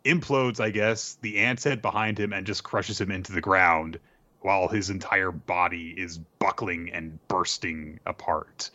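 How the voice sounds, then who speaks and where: A man's voice: deep voice, steady tone, measured pace, sharp tone, highs cut off. A young man co-hosting a casual podcast, teasing his partner with wry banter and laughing easily. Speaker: podcast co-host. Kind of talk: casual manga discussion chat.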